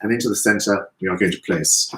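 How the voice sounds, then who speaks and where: A man's voice: fairly low pitch, fast, bright, forceful tone, reverberant, rough recording. A man hosting a live cooking demonstration, chatty and playful, with asides to viewers.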